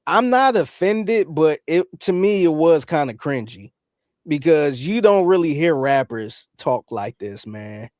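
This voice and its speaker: A man co-hosting a podcast, talking in a relaxed way and often acting out what others might say. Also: fairly high pitch, unhurried, no echo, clean studio sound. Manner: relaxed, acts out quotes. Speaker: podcast co-host. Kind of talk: casual podcast commentary.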